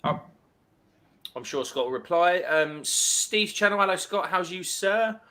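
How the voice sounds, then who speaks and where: A man's voice: high voice, lively intonation, unhurried, pushed and bright. A man hosting a casual live stream, chattily reading out viewer comments and greeting people.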